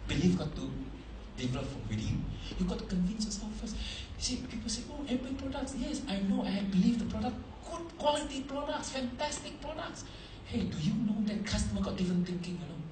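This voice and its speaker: Animated man lecturing in an echoey hall. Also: high-pitched, brisk, recorded from a distance, slight background noise. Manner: animated, asks the audience questions, broken English phrasing. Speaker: motivational speaker at a business seminar. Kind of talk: lively seminar talk to a live audience.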